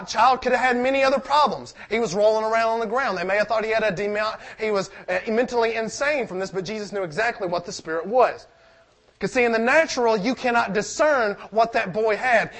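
A man's voice: high-pitched, a bit bright. A man preaching a sermon, reading scripture aloud and asking the congregation questions in a conversational way.

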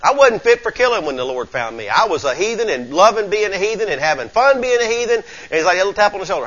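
Southern pastor guy preaching, folksy and emphatic, high bright voice, kinda muffled lo-fi recording. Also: sing-song, quick pace, hardly any pauses. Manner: folksy, emphatic preaching with call-outs to the congregation. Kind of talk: sermon.

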